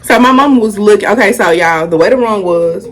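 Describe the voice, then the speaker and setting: A woman's voice: mid-range voice, brisk. A young woman, telling a casual storytime and animatedly acting out the quotes. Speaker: vlogger.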